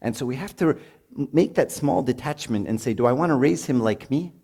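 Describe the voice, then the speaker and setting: A man's voice: medium pitch, lively intonation, fairly quick, vocal fry, mellow, breathy edge. A middle-aged man giving a joking, conversational talk at a marriage retreat and putting questions to his audience. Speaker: retreat speaker.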